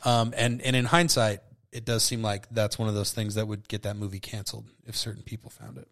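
A man's voice: on the low side, flat delivery, a little fast, a bit bright. A tipsy man hosting a solo podcast, rambling loosely and swearing, often cutting himself off. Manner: loose, profane, self-interrupting. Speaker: podcast host.

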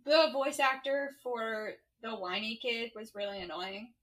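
A woman's voice: fairly high pitch, measured pace, fairly bright tone, rough recording. A young woman co-hosting a podcast, chatty and teasing in casual conversation. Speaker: podcast co-host. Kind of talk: casual chat.

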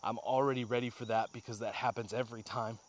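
Out on a walk, a man hosts an energetic, casual motivational podcast, addressing listeners as "guys" and getting a bit winded. He talks fast at a medium pitch, with a little hiss or hum in the audio.

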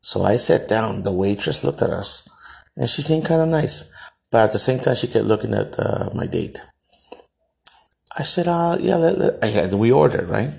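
A man from El Salvador holds forth on his podcast in a low, gravelly voice. He tells his story bluntly, swears freely and often restarts his sentences as he goes. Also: animated, moderate pace, darkish tone. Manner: blunt, profane, emphatic, with frequent restarts. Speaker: podcast host.

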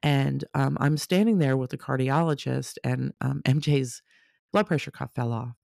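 A woman telling a personal story casually, animated, acting out the people she quotes. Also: a bass voice, moderate pace, vocal fry, no room sound, studio quality. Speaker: storyteller sharing a personal testimony.

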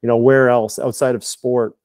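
A man in his thirties, a high performance coach, talking candidly on a podcast, rambling with fillers and restarts. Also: level tone, moderate pace, darkish tone, no echo. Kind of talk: casual podcast conversation.

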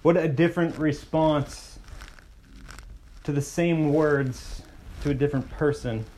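A man preaching with a slightly higher-pitched voice. He shifts his pace freely, sometimes rushing ahead and sometimes slowing to a hush to stress a point. His delivery is earnest and expressive. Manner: expressive preaching, slows and softens for emphasis. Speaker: pastor. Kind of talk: sermon.

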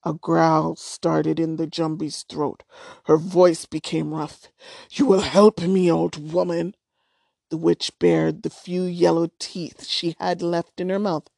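A woman reading a novel aloud chapter by chapter in a calm, measured way. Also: low voice, gravelly, dry recording, studio quality. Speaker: storyteller.

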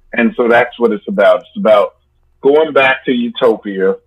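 A musician appears as a guest in a casual interview, speaking in a fairly low, husky voice. He's playful and rambling, loves joking nicknames, and the recording has a dull lo-fi sound.

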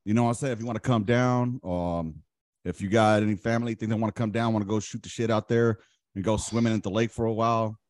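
A man's voice: fairly low pitch, fairly even intonation, fast, a little mellow, no room sound, clean studio sound. A man hosting a podcast, chatting casually in a blunt, profane, questioning way. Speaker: podcast host. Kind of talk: casual chat.

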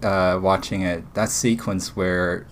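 A man co-hosting a podcast in casual chat. He talks excitably and rambles, with frequent restarts. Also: low voice, slow pace, a little hiss or hum. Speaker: podcast co-host.

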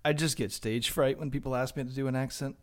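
A man co-hosting a casual comedic chat, wry and quick, often breaking into laughter. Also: medium pitch, fairly even intonation.

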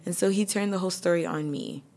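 Low-voiced woman telling a personal story. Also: fast, a little mellow. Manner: candid, emotional, with nervous laughs. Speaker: podcast host.

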